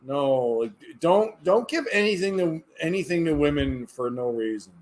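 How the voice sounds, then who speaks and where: A man's voice: fairly high pitch, expressive, normal speed, a little mellow. A tired man chatting casually on a livestream, rambling and hesitant, often trailing off into mumbles. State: tired, yawning. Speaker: livestreamer reading chat.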